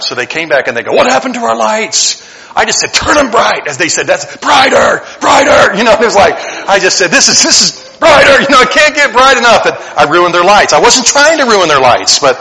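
A fairly high-pitched male pastor delivers a sermon with lively, emphatic energy, dropping at times into quiet earnest asides. His voice carries a long, spacious reverb, like a church sanctuary. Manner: animated preaching, swings from loud to hushed.

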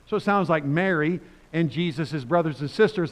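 Delivering a sermon at a brisk pace, an older man reads scripture and dramatizes quotes in a lively, conversational style. His voice sits mid-range, and the recording is rough.

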